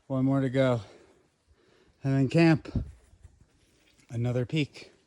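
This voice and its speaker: A man vlogging his long-distance hike in a casual, wry, deadpan way, talking outdoors on a forest trail. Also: mid-range voice, slow pace. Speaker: long-distance hiker filming his trek. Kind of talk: casual hiking vlog narration.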